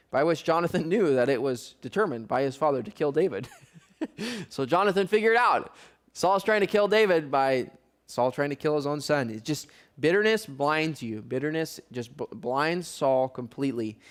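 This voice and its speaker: A man teaching a Bible study, reading scripture aloud and then explaining it in a relaxed, conversational way with wry asides. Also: mid-range voice, smooth.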